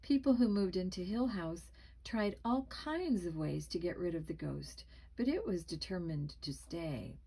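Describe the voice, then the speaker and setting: A woman reading a spooky children's book aloud, expressive and dramatic, with small slips. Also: lowish voice, unhurried, slightly rough, rough recording. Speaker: storybook reader.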